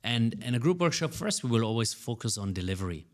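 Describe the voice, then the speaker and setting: A man's voice: mid-range voice, very animated, quick pace. A man who coaches public speaking, answering interview questions with energy and often repeating words as he starts a sentence.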